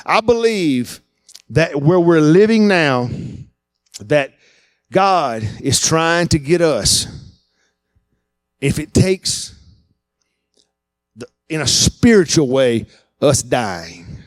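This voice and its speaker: A man preaching a sermon, animated and acting out the voices he quotes. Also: fairly high pitch, drawn-out words, pauses often, dry recording. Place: church.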